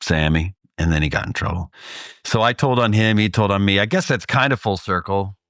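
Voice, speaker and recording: A middle-aged man from Texas, a podcast co-host telling a story in a casual way, animated and laughing often. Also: on the low side, brisk, no echo. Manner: animated, acts out voices in anecdotes, laughs often. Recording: dry close studio mic.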